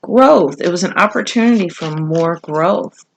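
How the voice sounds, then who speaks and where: A woman's voice: on the low side, lively intonation, measured pace, gravelly, a little hiss or hum. A woman giving a casual, conversational tarot reading, talking with frequent fillers and asides. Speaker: tarot reader.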